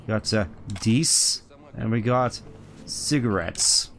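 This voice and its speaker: A man's voice: lowish voice, expressive, slow pace, a bit bright. A man streaming a video game, rambling in casual commentary and reading item names aloud.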